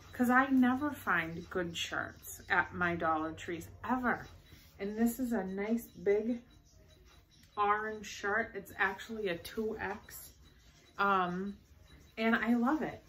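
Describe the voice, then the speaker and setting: A young woman with a medium-pitched, fairly bright voice chats casually as she vlogs a shopping haul. She comes across as bubbly, rambling along with plenty of enthusiasm.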